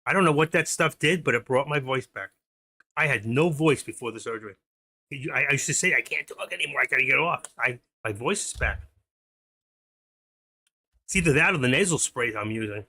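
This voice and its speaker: A man's voice: medium pitch, lively intonation, normal speed, pauses often, pushed and bright. A middle-aged man hosting a stock trading livestream, chatting casually and talking to viewers by name. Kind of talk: casual live-stream chat while trading.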